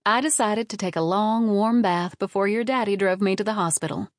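A woman voicing a doting mother with a sing-song voice, theatrically telling a family story with drawn-out pauses. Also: medium pitch, no room sound, clean studio sound, close to an everyday voice. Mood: fond, dramatic.

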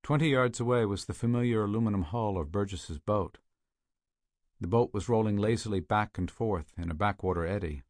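A man narrating a thriller audiobook in a steady, measured way, on a close studio mic. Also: lowish voice, no echo.

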